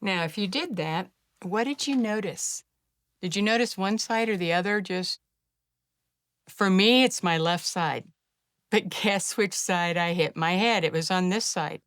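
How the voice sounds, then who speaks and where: A middle-aged woman teaching a simple calming technique, speaking gently and encouragingly and slowing to a soft hush during the breathing steps. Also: lowish voice, dry recording, studio quality. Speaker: wellness practitioner teaching a self-care technique. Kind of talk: guided instruction to camera.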